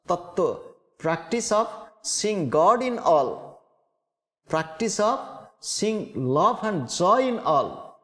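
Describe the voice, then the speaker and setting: A man giving a spiritual lecture, speaking slowly and deliberately and repeating key words. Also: high-pitched, big pitch swings, a bit bright. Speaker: spiritual teacher. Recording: long hall reverb.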